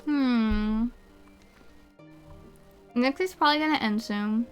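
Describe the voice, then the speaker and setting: A woman streamer with a somewhat high voice chats casually and slowly, rambling with plenty of fillers while she snacks. She is eating as she talks, and faint music plays in the background.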